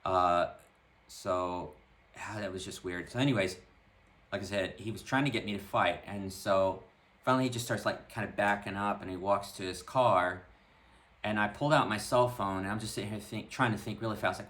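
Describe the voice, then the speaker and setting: A man with a low voice speaks in a casual vlog. He recounts a personal story to his viewers in an animated, conversational way and often restarts his sentences along the way. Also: moderate pace. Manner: animated retelling, full of "like" and restarts. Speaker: vlogger.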